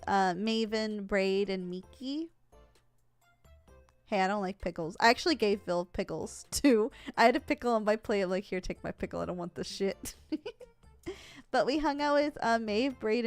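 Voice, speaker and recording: A woman's voice: medium pitch, smooth, dry recording. A woman streamer chatting casually, telling stories with lots of laughter and fillers. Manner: giggly storytelling, frequent laughs and fillers. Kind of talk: casual chat. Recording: dry close mic, faint music behind.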